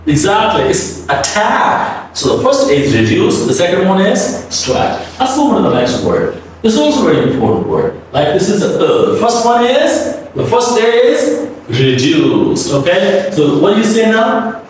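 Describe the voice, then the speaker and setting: A man teaching English pronunciation, modeling words slowly and repeatedly and asking the listener to say them back. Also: sits high, very animated. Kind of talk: classroom-style pronunciation lesson. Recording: echoey room from a distance with faint background hum.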